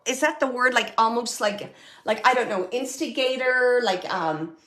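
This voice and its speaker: A woman giving a live mediumship reading in a slightly high voice. She searches for her words with constant fillers and restarts, and often trails off into a soft, near-whispered murmur. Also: normal speed. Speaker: psychic medium host.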